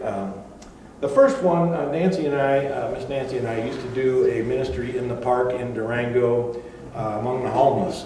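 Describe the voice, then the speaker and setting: A man's voice: medium pitch, mellow, a little hiss or hum. An older man preaching a sermon in a conversational storytelling way, with asides and fillers. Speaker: pastor. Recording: echoey room, far from mic.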